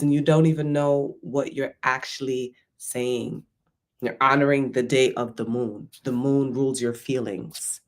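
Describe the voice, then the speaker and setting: A man's voice: fairly high pitch, a little mellow. A man giving a casual, rambling motivational talk, often checking in with "right?". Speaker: vlogger.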